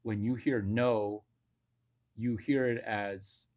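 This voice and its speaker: Slow, crude rambling man. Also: lowish voice, steady tone, darkish tone. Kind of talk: rambling comic livestream rant.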